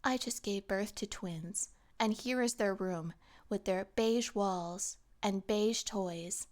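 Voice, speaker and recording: A woman putting on the voice of a smug, soft-spoken mom influencer who loves beige. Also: close to an everyday voice. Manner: soft, low, drawn-out parody.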